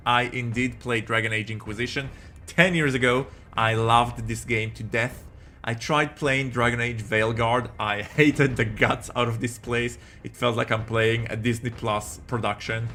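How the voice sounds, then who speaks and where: A man's voice: mid-range voice, steady tone, unhurried, sharp tone, slight background noise. A man hosting a live gameplay stream, chatty and joking as he talks to his viewers. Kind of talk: live game commentary.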